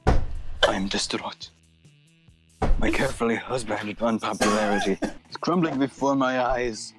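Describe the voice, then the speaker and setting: A man reading a character's lines in a party game in a slow, dramatic tone. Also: lowish voice. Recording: faint game music behind.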